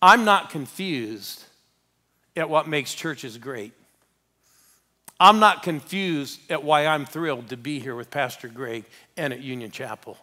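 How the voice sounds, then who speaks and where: A man's voice: on the high side, lively intonation, unhurried, sharp tone. A man preaching as a guest pastor in a church, telling a story and urging the congregation to respond. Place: church sanctuary.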